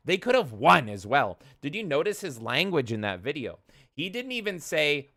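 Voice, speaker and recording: A man's voice: medium pitch, very animated, normal speed, fairly bright tone, no room sound, clean studio sound. A man co-hosting a podcast, ranting heatedly and profanely, slipping into mocking quoted voices. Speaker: podcast co-host. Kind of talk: casual podcast rant.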